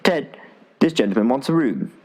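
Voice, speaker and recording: A man voicing an elderly landlady at a country inn, speaking hoarsely and bluntly in a raised voice. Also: mid-range voice, expressive, normal speed, a little mellow, pitched above the performer's own voice, lightly acted.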